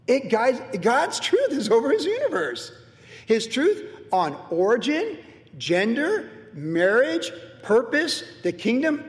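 A middle-aged pastor preaches with an emphatic, swinging delivery, rising loud and dropping to a hush. His voice sits high and moves a lot in pitch. It carries a long reverb, as in a large hall. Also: wildly swooping pitch, unhurried. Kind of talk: sermon.

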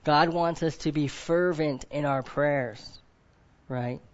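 A man's voice: fairly high pitch, slow pace, highs cut off. A man preaching a sermon to a group of men. He keeps asking them questions, often adds "right?", and acts out other people in quoted voices.

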